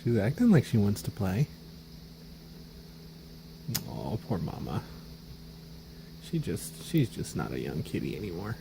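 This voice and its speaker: A man at home cooing to his cats in soft baby talk, his voice mellow and dark yet swinging widely up and down in pitch. He talks slowly and chuckles often, filming on a handheld camera with a faint hum of background noise. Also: wildly swooping pitch, vocal fry, rough recording. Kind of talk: casual talk to pets. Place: home indoors, hallway and living room.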